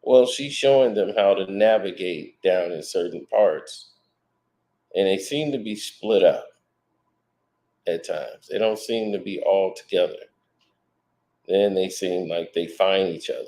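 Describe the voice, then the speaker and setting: A man giving casual, rambling commentary as a movie trailer reviewer, speculating out loud with plenty of fillers. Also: low-pitched, measured pace, long pauses.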